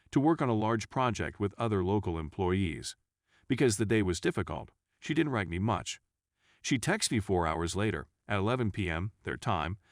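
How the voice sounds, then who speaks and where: A man reading a written story aloud as a scripted narration, in a steady read-aloud delivery. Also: lowish voice, no room sound, studio quality.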